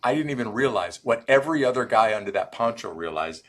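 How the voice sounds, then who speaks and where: A man's voice: mid-range voice, fast talker. A middle-aged man, a former Army Ranger, telling stories in a podcast interview and acting out the dialogue. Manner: animated storyteller acting out quoted dialogue.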